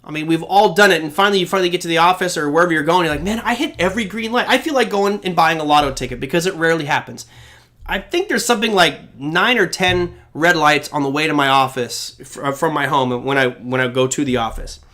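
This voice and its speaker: A man's voice: on the high side, quick pace, sharp tone. A man in his forties hosting a live trading show, answering chat questions bluntly and acting out quoted reactions.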